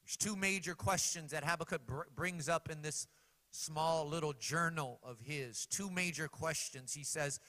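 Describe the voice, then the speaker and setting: Preacher with dramatic loud-soft swings. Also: male voice, on the high side, normal speed, in a large hall. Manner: dramatic swings from loud cries to hushed asides; addresses the congregation with questions. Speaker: pastor. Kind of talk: sermon.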